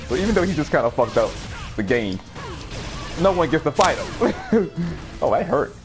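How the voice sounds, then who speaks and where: A young man streaming a fighting game, telling a rowdy story in a casual, animated way with frequent laughter and sudden excited outbursts. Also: a little high, moderate pace, over music.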